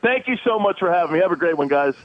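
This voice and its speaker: A man appearing as a guest on sports talk radio, joking and animated, playing mock-indignant. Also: high voice, fast, dull audio.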